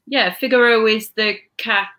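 A woman's voice: a little high, fairly even intonation, unhurried, dull audio. Woman trading dry quips as co-host. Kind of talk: casual live chat.

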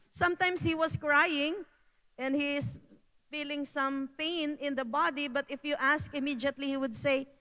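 A woman's voice: sits high, steady tone, fairly bright tone, in a large hall, rough recording. A woman with a Filipino accent giving an earnest, repetitive health talk at a church prayer meeting. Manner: earnest, repeats phrases, slow.

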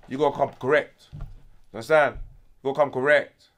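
A young man from Congo, ranting loudly with profane slang as a guest in a casual interview. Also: mid-range voice, fairly even intonation, fairly quick, pauses often.

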